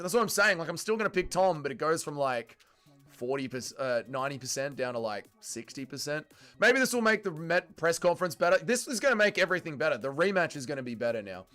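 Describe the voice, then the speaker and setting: A young man hosting a casual watch-along stream, his voice fairly high and swinging widely in pitch as he reacts and swears. Faint music plays behind him. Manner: animated, swearing, reacting to chat. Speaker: livestream host.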